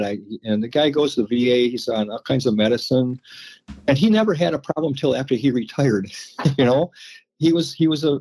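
A man who is a veteran guest, chatting casually in an interview, halting and repeating words as he talks. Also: mid-range voice, a little mellow, husky.

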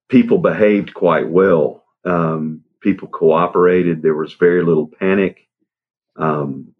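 A man interviewed as a guest, recounting events in a halting way, with fillers and soft laughs. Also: sits low. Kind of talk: interview storytelling. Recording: dull lo-fi sound.

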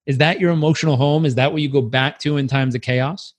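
A man giving a motivational talk, animated and acting out little scenes in other voices. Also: fairly high pitch, a little fast. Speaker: motivational speaker.

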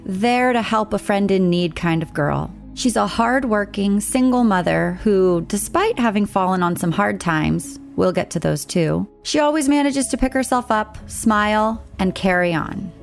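A woman narrates a true-crime documentary in a measured, scripted way. Her voice has a gravelly, fry-edged texture over faint background music. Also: mid-range voice, expressive. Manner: measured, storytelling delivery.

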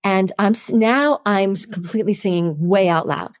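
Woman, actress guest, animated anecdote, acts out quotes, dry close sound. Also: medium pitch, moderate pace, dry recording. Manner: lively, acts out quoted people. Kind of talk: storytelling anecdote in interview.

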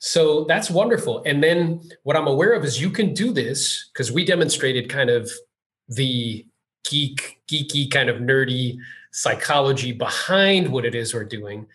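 A man at a middling pitch hosting a relaxed business interview. He talks eagerly and conversationally, leaning on filler words as he retells anecdotes and builds on his guest's points. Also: unhurried. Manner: eager, chatty, retells stories with lots of "like". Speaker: podcast host. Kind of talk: casual interview chat.

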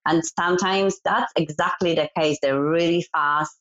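A woman's voice: on the low side, steady tone, moderate pace, a bit bright. A woman guest in a casual interview, giving earnest advice and laughing easily. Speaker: guest, events business founder. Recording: dull lo-fi audio.

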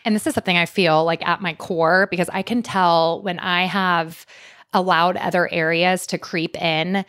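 Lowish-voiced woman in her 30s hosting a podcast, heartfelt and chatty, dry close sound. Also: steady tone, normal speed, fairly bright tone, no room sound. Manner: earnest, heartfelt, chatty with many "like"s. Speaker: podcast host. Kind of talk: casual conversational interview.

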